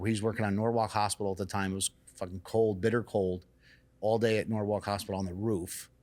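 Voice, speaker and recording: Brief: deeper-voiced man, salon owner guest, lively swearing storyteller. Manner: animated, acts out quotes in raised excited voices; casual, swears freely. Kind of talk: casual storytelling.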